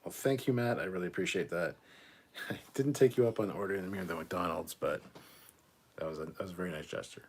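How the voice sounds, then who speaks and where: A man's voice: low-pitched, fairly quick, breathy edge. A man in his thirties from Canada, casually hosting a live stream, reading viewer comments aloud and reacting with laughs and swearing. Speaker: livestream host reading chat.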